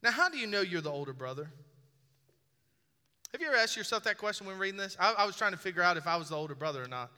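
A man's voice: high-pitched, sing-song, rapid-fire, bright, forceful tone, clean tone. A man preaching a sermon as a pastor, conversational and joking, often putting questions to the congregation. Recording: long reverb of a large hall.

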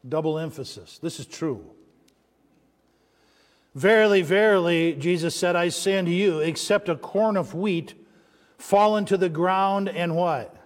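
A man's voice: high-pitched, normal speed, big-room sound. A man preaching a sermon as pastor, building emphasis and asking the church call-and-response questions.

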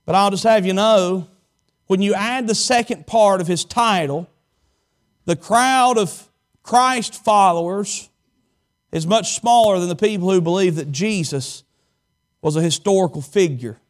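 A male pastor from Southwest Virginia, preaching a sermon and stretching out key words for emphasis. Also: high voice. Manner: dramatic preaching, slows and stretches key words, tells folksy stories.

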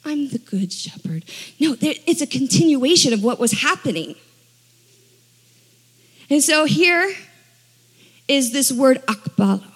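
A woman preaching a sermon in a conversational, animated way, acting out the people she quotes. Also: sits high, measured pace, long pauses. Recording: long hall reverb.

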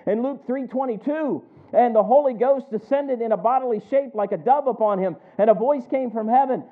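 High-voiced preacher on a tinny line. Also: male voice. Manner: calls for responses, quotes scripture slowly with emphasis. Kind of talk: sermon. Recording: tinny phone-like sound.

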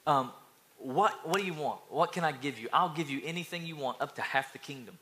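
A man's voice: on the high side, a little fast, bright, forceful tone, slight background noise. A man voicing an indulgent king who talks casually to his queen and flares into outrage, in a sermon retelling. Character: doting ancient king, man, generous but quick to rage.

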